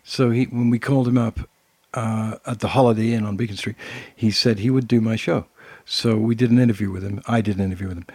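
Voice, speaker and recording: An older man with a British accent, co-hosting a casual chat and telling anecdotes in an animated way. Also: on the low side, fast, hardly any pauses, slightly rough, dry recording. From Britain. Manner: storytelling, animated asides. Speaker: co-host.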